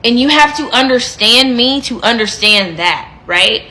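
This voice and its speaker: A woman in her twenties telling a dating story in a casual storytime, animated and emphatic, repeating phrases for effect. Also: on the high side, measured pace.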